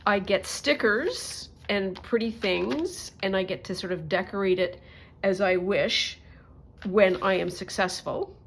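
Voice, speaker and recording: A woman of middle pitch talks to her viewers at an unhurried pace while she works on a craft project. She thinks aloud and teases herself in a chatty way, with faint room ambience behind her. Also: a bit bright, a little hiss or hum. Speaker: crafting vlogger. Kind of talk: casual crafting chat to camera.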